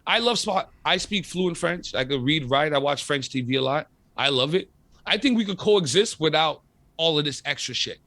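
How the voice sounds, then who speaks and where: Bright, animated man talking casually. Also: fairly high pitch, moderate pace, no echo. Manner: animated, profane, emphatic storytelling. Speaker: radio host and podcaster. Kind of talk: casual interview chat.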